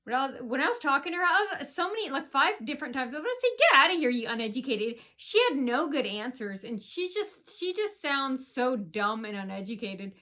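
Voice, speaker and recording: A woman's voice: high voice, lively intonation, brisk, hardly any pauses, pushed and bright. A woman vlogger telling a personal story in an indignant, rambling rant, often repeating herself.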